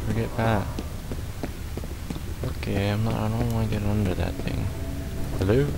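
A man's voice: on the low side, fairly even intonation, moderate pace, creaky, heavy background noise. A man giving jumpy, profane commentary as he plays a horror shooter, muttering nervously to himself. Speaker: gamer. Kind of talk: gameplay commentary.

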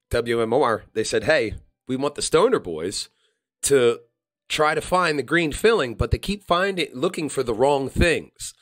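A man, hosting a podcast and telling stories in casual chat, acting out quotes in shifting voices. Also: medium pitch. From Philadelphia area. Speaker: podcast host.

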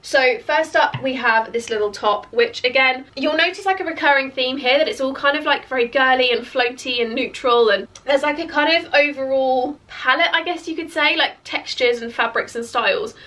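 A woman chatting casually through a clothing haul, her voice croaky and cracking from hiccups, with lots of "like" fillers. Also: high voice, normal speed, few pauses, sharp tone. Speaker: fashion vlogger. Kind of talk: casual try-on haul chat. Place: bedroom beside a clothes rail.

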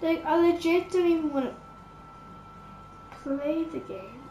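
A woman's voice: extremely high pitch, measured pace, muffled recording, a little hiss or hum. A woman giving casual game commentary, rambling and exasperated, with lots of filler words. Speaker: gamer. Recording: roomy echo with game music. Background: game music.

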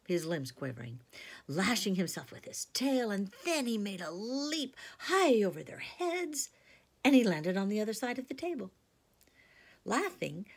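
A woman teacher reading a storybook aloud in a soft, hushed, half-whispered way. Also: on the low side, vocal fry, breathy edge.

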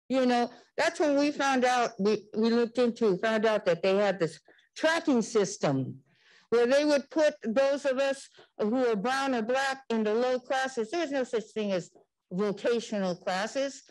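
An older woman on a community panel, recalling her school years in animated storytelling and acting out the quoted voices. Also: on the high side, measured pace, low-quality recording. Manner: animated, acts out quoted dialogue.

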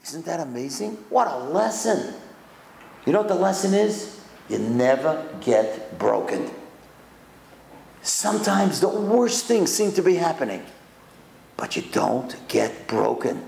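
A man giving a lively storytelling lecture as a rabbi, acting out the quotes in his stories. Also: unhurried, creaky, slight background noise. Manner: lively, acts out quotes with big pitch swings. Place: synagogue hall with audience. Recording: echoey lecture hall.

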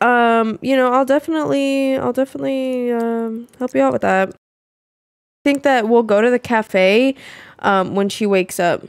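Brief: excitable young woman narrating her game, slightly high voice, dry close sound. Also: no room sound. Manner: chatty and exclamatory, swears and laughs often. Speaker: gameplay video creator. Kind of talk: casual gameplay commentary.

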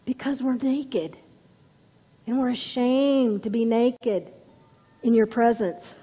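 A woman's voice: a little high, steady tone, slow pace, mellow, husky, long reverb tail, soft background music, voice pushed up. A woman preacher voicing Adam as a sheepish man who hides and shifts the blame. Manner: sheepish and defensive.

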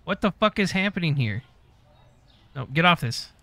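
A man's voice: a little high, lively intonation, moderate pace, sharp tone, a little hiss or hum. A man giving casual gameplay commentary, muttering to himself as he goes and swearing often. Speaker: gaming YouTuber.

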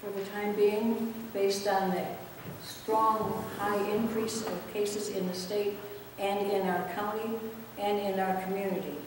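A woman pastor leading a prayer and making church announcements in a calm, measured, plain-spoken way. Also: mid-range voice. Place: church sanctuary. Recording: echoey church hall, distant mic, faint noise.

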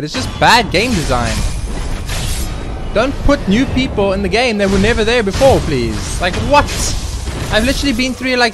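A young man with a fairly high voice talks over his gameplay, cursing often and ranting at the game. Game music plays clearly behind him. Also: a bit bright. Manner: swears heavily and rants at the game. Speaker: let's play gamer. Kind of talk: gameplay commentary.

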